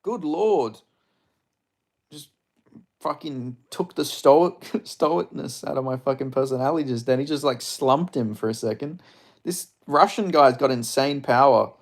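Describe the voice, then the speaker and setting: A young man with a gravelly voice, reacting live to a fight broadcast. His tone sits in a middle register. He talks in a chatty, excitable way and swears freely as he follows the action. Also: mid-range voice, moderate pace. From Australia. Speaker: streamer. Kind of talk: live fight watch-along commentary.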